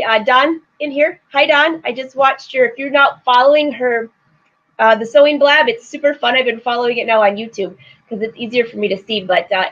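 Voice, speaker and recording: A woman's voice: sits high, fairly bright tone. A middle-aged woman hosting a live sewing show, chatting casually with viewers, laughing often and reading out their comments. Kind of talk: casual live-stream chat. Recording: slightly dull lo-fi stream audio.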